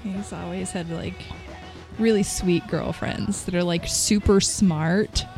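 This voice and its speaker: A woman in her thirties co-hosting a casual chat, relaxed and rambling, laughing often. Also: on the low side, takes it slowly, creaky, faint music behind. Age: 30s. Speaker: podcast co-host.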